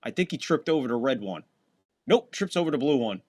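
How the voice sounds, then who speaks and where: A man calls a football game play by play on a casual live stream, at a middle pitch that is neither high nor low. He chats easily with his viewers between snaps, and his voice leaps up when a play breaks open. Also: big pitch swings, fairly quick. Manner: casual, chatty, talks to chat between plays, voice jumps up on big plays. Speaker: host and play-by-play caller. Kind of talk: live fan play-by-play commentary.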